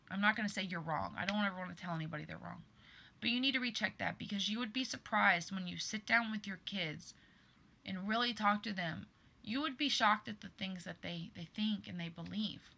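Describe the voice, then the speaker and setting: Earnest, bright-voiced woman podcast host. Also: medium pitch, gravelly. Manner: earnest, emphatic, addresses listeners as "you guys". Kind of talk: personal monologue to listeners.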